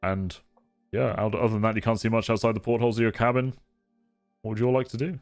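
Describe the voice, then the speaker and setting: A man's voice: lowish voice, flat delivery, fast, darkish tone, dry recording, clean studio sound, soft background music. A man narrating a tabletop game as game master, descriptive and often laughing.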